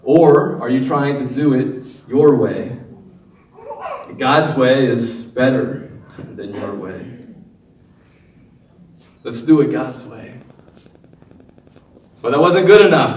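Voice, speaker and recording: A man preaching a sermon as pastor, animated and often laughing as he acts out the voices of people in his story. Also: fairly high pitch, slow pace, pauses often. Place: church hall. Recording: echoey room from far off.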